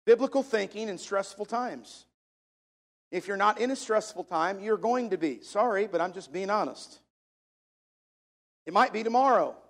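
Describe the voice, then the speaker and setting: A high-voiced man preaching a sermon from the pulpit. He is emphatic and slows right down to lean on the verses he quotes. His voice drifts on and off the microphone as he moves. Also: expressive. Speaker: pastor.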